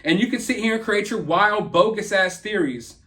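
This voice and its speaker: Speaking at normal speed in a high, pushed and bright voice, this YouTube commentator has a Southern accent from the American South. He delivers a heated, confrontational rant to viewers.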